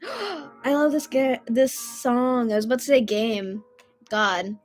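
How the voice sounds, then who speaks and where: A woman in her twenties chatting casually and rambling on a live stream, loud at times. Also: high-pitched, slow, faint music behind.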